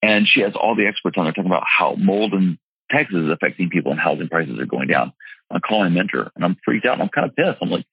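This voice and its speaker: A man's voice: low voice, animated, quick pace, breathy edge, no room sound, lo-fi sound. A man telling his personal story in an interview in an earnest, emphatic way, restarting often as he goes. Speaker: real estate investor and seminar teacher.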